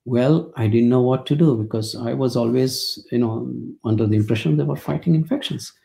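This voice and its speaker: Older man, warm gravelly lecturer, dry anecdotal humor, webinar call mic. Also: medium pitch, fairly quick. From India. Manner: anecdotal, wry storytelling with dry jokes.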